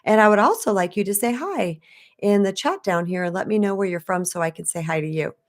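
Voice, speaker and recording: A woman's voice: mid-range voice, expressive, brisk. A woman spiritual coach from Arizona telling a personal story on a live stream, chatty and conversational, talking straight to her viewers.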